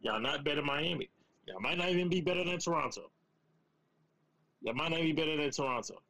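High, gravelly-voiced man arguing sports. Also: bright, forceful tone, poor audio. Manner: teasing, emphatic, slows down to drive points home. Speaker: podcast co-host. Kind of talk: casual sports debate.

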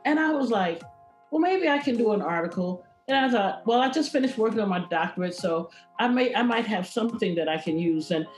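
A woman's voice: mid-range voice, animated, fairly quick, echoey room, soft background music. A woman minister giving an enthusiastic testimonial about writing, acting out her own quoted reactions. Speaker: minister and magazine writer.

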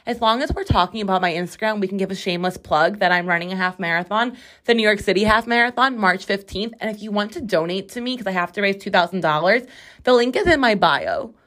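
A woman's voice: mid-range voice, a bit bright. A young adult woman hosting a casual podcast with her sister, joking and chatty, recorded on a bathroom floor. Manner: bubbly, joking, quick to plug her socials. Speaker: podcast host. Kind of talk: casual chat.

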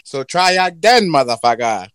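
A man in casual, profane banter with a friend, animated and joking. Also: medium pitch, normal speed, clear, resonant tone, dry recording. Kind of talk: casual chat.

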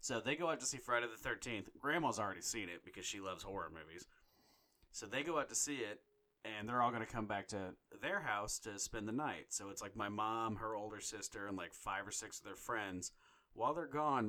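A man in his thirties co-hosting a podcast, his voice sitting a little low. He tells family stories in a loose, animated, profane way. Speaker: podcast co-host. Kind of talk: casual chat.

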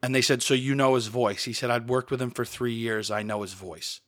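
A man's voice: medium pitch, steady tone, brisk. A man from the Boston area hosting a podcast, explaining events step by step in a conversational storytelling style and briefly acting out quotes.

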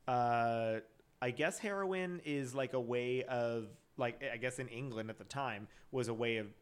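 A man's voice: mid-range voice, a little slow, smooth. A man co-hosting a casual podcast, retelling a crime case from his notes with plenty of fillers and restarts. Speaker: podcast co-host.

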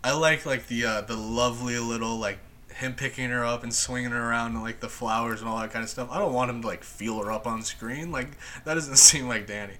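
Bright, lively man chatting. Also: medium pitch, a little fast, few pauses, slight background noise. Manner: excited, laughing, quoting lines. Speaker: podcast host. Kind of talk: casual chat.

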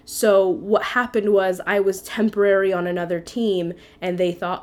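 Woman podcast host, mid pitch, candid storyteller who swears casually. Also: little pitch movement, normal speed, hardly any pauses. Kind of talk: personal storytelling monologue.

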